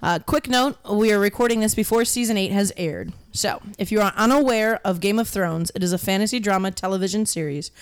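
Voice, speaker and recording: A woman's voice: medium pitch, a little fast, few pauses, clear, resonant tone. A woman co-hosting a comedy podcast, reading notes and chatting lightly. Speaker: podcast co-host, script reader. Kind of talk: casual chat and reading a script.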